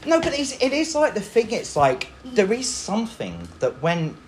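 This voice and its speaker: A man's voice: high-pitched, huge pitch swings, moderate pace, background noise. A man interviewer from Wales, running a playful quiz and laughing along.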